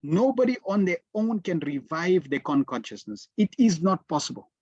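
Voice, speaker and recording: A man delivers a devotional lecture, slowly and deliberately, stressing key words through repetition. His voice sits fairly high and sounds slightly husky. The recording is dry and dull, with a lo-fi edge. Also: lively intonation, darkish tone, no echo. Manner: slow, deliberate storytelling with emphatic repetitions. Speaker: spiritual teacher.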